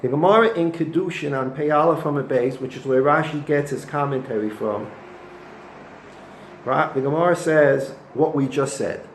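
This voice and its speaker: A man's voice: on the high side, normal speed. A man, a rabbi, gives a weekly Torah lesson, telling the stories with animation and dropping Hebrew and Yiddish terms. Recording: echoey room with faint noise.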